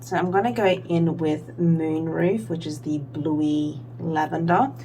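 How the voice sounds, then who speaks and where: Young woman doing a makeup vlog, low-ish gravelly voice, rambly and chatty, little hum behind. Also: slow, dark tone. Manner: rambling, filler-heavy, self-deprecating. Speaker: beauty vlogger. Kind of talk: casual makeup tutorial chat.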